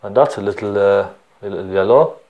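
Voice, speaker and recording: A man's voice: fairly low pitch, fairly quick, lo-fi sound. Cork Irish man, painting teacher, chatty and encouraging, walks through each step. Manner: chatty, encouraging, checks in with the viewer.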